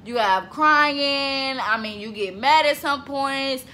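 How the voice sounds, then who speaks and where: A woman of twenty chatting casually to camera in a vlog, lively and talkative, breaking into bits of song. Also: high voice, takes it slowly. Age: 20s. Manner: chatty, animated, laughs and sings bits. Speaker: vlogger.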